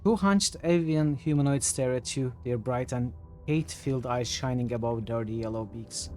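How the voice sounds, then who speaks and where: A man streaming a role-playing game, reading the game's narration aloud and thinking out loud between choices. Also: moderate pace, faint music behind. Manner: thinks aloud, reads narration in a lower, quieter voice. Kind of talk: reading game text aloud and commenting casually.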